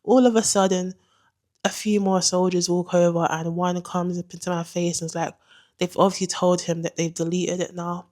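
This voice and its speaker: A young woman telling a dramatic story in an animated, slangy way. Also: lowish voice, normal speed. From England. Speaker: vlogger. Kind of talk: storytime narration.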